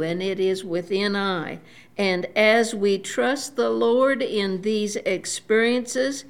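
An elderly woman giving a devout sermon, unhurried, often saying praise the Lord and pausing with fillers. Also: mid-range voice, darkish tone. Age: older. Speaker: preacher.

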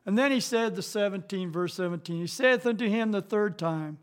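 A man with a rather high voice leads an informal Bible lesson, talking plainly with frequent restarts and fillers. When he reads verses he slows down and lifts his voice. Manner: reads scripture slowly, rising louder on key verses. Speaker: Bible study teacher.

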